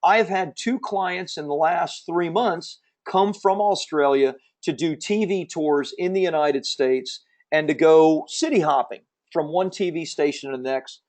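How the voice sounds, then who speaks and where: A man hosting a live webinar, giving an emphatic, persuasive sales pitch and answering audience questions from the chat. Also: unhurried, hardly any pauses, a little mellow. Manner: emphatic, persuasive salesman, repeats key points. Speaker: webinar host selling publishing services.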